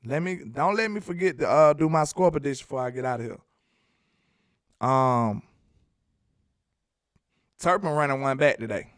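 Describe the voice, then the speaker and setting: A man from Alabama, hosting a casual sports live stream, reading viewer messages and joking in a sing-song, animated way. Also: a little high, normal speed, long pauses, no room sound.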